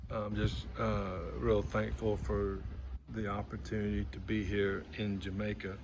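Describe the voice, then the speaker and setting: Male pastor, casual vlog, lowish pitch, hesitant and filler-heavy, recorded outside with soft waves and traffic behind. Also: monotone. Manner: halting, many fillers and restarts. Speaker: preacher. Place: outdoors under a gazebo by the sea. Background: faint outdoor ambience of waves, voices and traffic.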